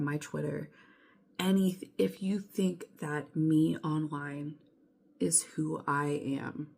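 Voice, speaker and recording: A woman's voice: deep voice, mellow, breathy edge. A young woman vlogging from her bedroom, ranting in an exasperated way, swearing a lot and filling her talk with "like". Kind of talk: casual ranting vlog.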